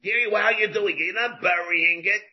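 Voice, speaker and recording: Rabbi leading a Talmud class, high husky voice, full of rhetorical questions, dull lo-fi recording. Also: male voice, brisk. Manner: rhetorical questions, repeats phrases, mixes in Hebrew terms.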